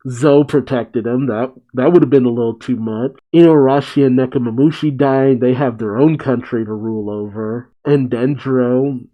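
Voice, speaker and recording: A man hosting a casual reaction, thinking aloud and reading a comic out loud. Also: mid-range voice, normal speed, few pauses, highs cut off. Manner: casual, reflective, laughs while reading. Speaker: manga reaction host.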